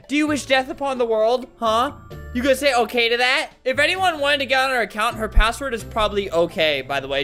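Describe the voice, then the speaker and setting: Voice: medium pitch, sharp tone. A video creator giving casual, sarcastic commentary over gameplay. They sound exasperated and laugh often.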